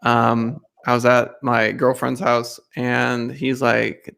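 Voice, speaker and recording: A man hosting a podcast, telling lively stories and acting out what his kids say. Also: medium pitch, takes it slowly, creaky, smooth. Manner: lively storyteller, acts out quotes of his kids. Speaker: podcast host. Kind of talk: casual podcast interview.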